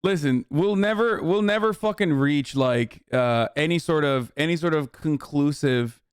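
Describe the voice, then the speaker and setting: A male streamer rambling through live political commentary in a smooth, clear voice that sits a bit high for a man. The sound is dry and close. He swears a lot and hammers his points home. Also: moderate pace, dry recording. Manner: profane, rambling, emphatic.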